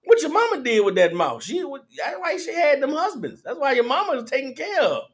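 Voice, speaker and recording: A man putting on a brash, crude male pimp who taunts in rapid street talk. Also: extremely high pitch, sing-song, pitched above the performer's own voice. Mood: taunting.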